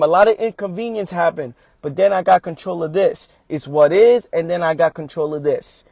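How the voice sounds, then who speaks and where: Man, motivational livestream talker, a bit high-pitched, emphatic and repetitive, dry close sound. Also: brisk, few pauses, a little mellow, dry recording. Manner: emphatic, repetitive, calls listeners "fam". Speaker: motivational speaker.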